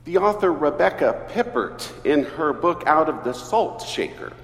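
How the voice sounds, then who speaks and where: A man, an Episcopal priest, preaching a sermon in an earnest, measured way. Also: on the high side. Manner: slow, earnest preaching with lively emphasis. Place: church. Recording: echoey church hall, distant mic.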